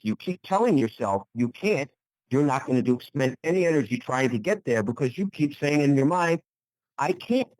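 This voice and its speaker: A man's voice: medium pitch, expressive, brisk, darkish tone, dry recording, low-quality recording. An older man, a retired bodybuilder, giving an enthusiastic interview and repeating phrases for emphasis. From USA. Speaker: guest, retired pro bodybuilder. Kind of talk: enthusiastic motivational interview talk.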